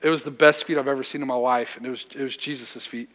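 A man's voice: mid-range voice, steady tone, quick pace, a bit bright. A young man, a youth pastor preaching a sermon, telling a personal story in a casual, slangy way with self-deprecating humor. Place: church sanctuary. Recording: church hall reverb.

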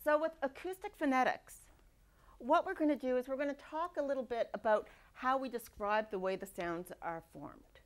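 A woman giving a university lecture, lively and demonstrating speech sounds aloud. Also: sits high, normal speed. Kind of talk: classroom lecture. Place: lecture hall.

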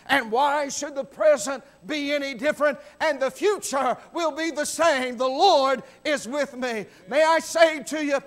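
A man preaching a revival sermon in a church, building from calm talk to shouted, fervent preaching. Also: extremely high pitch. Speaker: visiting preacher. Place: church sanctuary.

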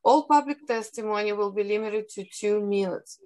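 A woman with a Russian accent moderating a council hearing over a video call, reading formal procedural instructions in a measured way. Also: mid-range voice, a little mellow, poor audio. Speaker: hearing moderator, policy analyst.

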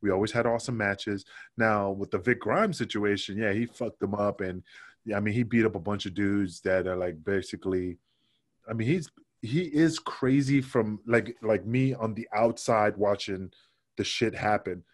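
Low-voiced man telling blunt stories. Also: moderate pace. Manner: loose, profane storytelling with many fillers. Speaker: guest, former pro wrestler. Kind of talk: casual podcast interview.

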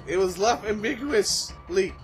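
A man hosting a casual anime reaction, excitable, swearing and yelling at the screen. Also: high-pitched, measured pace, soft background music.

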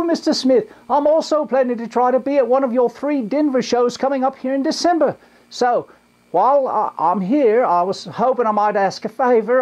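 A man voicing a cheeky, bawdy old woman in a shrill falsetto. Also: a little mellow, rough recording.

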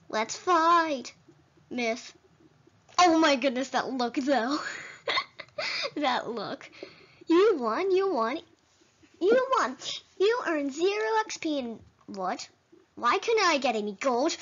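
A woman doing let's-play commentary on a video game, excitable, dramatic and easily flustered. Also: high voice, measured pace, long pauses. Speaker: gaming video creator. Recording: dull lo-fi recording.

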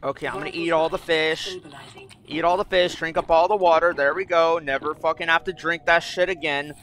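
A man's voice: a little high, fairly even intonation, brisk, fairly bright tone. A young man giving casual gameplay commentary, thinking aloud, getting frustrated and swearing often. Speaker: gaming YouTuber.

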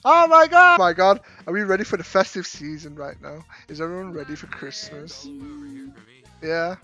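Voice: medium pitch, lively intonation, normal speed, bright, forceful tone, dull audio, soft background music. A British speaker chatting casually and playfully in a virtual reality social game, teasing others with jokey pickup lines. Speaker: VR vlogger.

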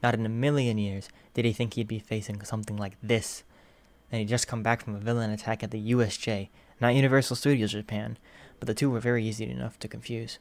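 A man narrating a fan fiction audiobook in a steady, even storytelling manner. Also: medium pitch.

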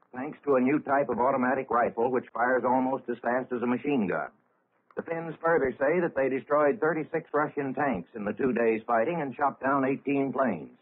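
A man reading a 1930s radio news bulletin in a measured, formal way with dry, wry asides. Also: medium pitch, slightly rough. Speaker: radio newscaster. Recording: tinny lo-fi 1930s radio broadcast.

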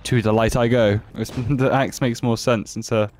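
A man's voice: mid-range voice, normal speed. A young man giving casual, joking commentary while streaming a horror game. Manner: joking, playful, excitable.

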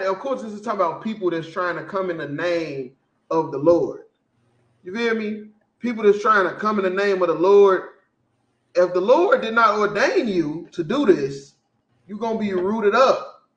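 A man hosting a podcast, talking in casual, profane, animated commentary and laughing often. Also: high voice, normal speed, echoey room, highs cut off. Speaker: podcast host.

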